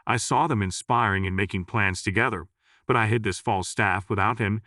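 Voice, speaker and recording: A man as a resolute young man defying his father, low and dry. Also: moderate pace, sharp tone, dry recording. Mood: firm. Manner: firm, resolute. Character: principled young man, priest's son.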